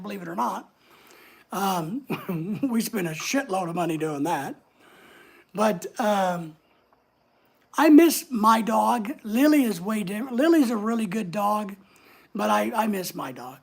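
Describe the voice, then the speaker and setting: A woman's voice: mid-range voice, vocal fry, husky. A woman hosting a casual livestream, chatting away and answering viewer comments as they come in. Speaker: livestream host.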